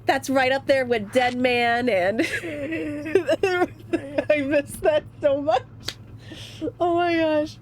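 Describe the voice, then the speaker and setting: Giggly, high-voiced woman streamer. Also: very slow, pauses often, a little hiss or hum. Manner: animated, giggly, gushing. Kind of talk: casual game-stream commentary.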